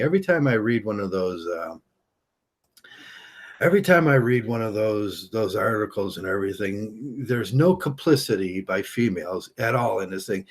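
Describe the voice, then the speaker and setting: A man talking through a rambling opinion monologue to camera, halting with many restarts. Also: medium pitch, breathy edge. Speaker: vlogger.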